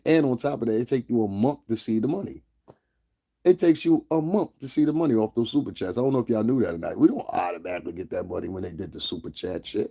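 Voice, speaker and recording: A man's voice: medium pitch, gravelly, mellow. A man hosting a livestream, delivering a blunt, heated rant full of profanity and repeated check-ins with his viewers. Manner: blunt, heated, profane, repeats "you understand what I'm saying". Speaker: livestream host.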